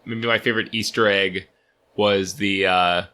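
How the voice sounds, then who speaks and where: Low-voiced, bright-toned rambling co-host. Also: male voice, steady tone, unhurried. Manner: rambling, restarts, lots of "like". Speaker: podcast co-host. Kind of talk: casual sports podcast chat.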